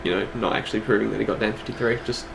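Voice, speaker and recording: A man co-hosting an online awards show in casual chat, laid-back and quick to laugh. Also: on the low side, steady tone, creaky, noisy background. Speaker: awards co-host.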